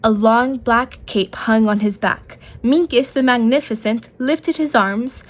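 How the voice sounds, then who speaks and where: A woman reads a children's picture book aloud in a gentle, expressive way. Her voice sits fairly high, and she takes the story at a slow, careful pace.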